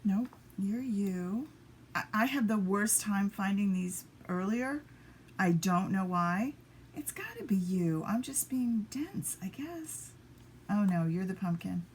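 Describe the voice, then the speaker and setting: At a home craft table, a woman demonstrates papercraft on a casual live stream, chatting with viewers and muttering small asides to herself as she works. She speaks slowly at medium pitch with lively intonation, and there's slight background noise.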